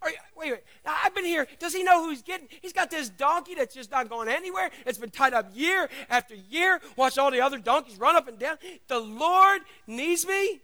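A man's voice: high voice, very animated, a little slow, few pauses, pushed and bright, voice pushed up, exaggerated voice. A man voicing a timid young male donkey that has been tied up for years, stammering in disbelief. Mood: astonished. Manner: stammering, incredulous.

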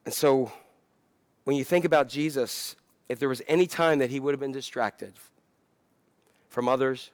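Conversational preacher man, smooth dry voice. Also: mid-range voice, normal speed, pauses often, no echo. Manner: conversational, self-deprecating, building to impassioned. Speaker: pastor. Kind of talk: sermon.

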